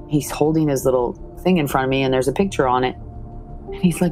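A woman's voice: low-pitched, normal speed, pauses often, soft background music. A woman, a mother, giving an earnest, emotional account of her family's story. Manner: earnest, retelling scenes with quoted dialogue.

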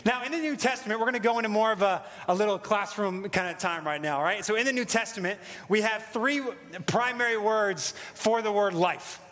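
A man preaching a sermon with an American accent, in a casual, excited way with lots of fillers. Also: high voice, brisk, hardly any pauses, in a large hall. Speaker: pastor.

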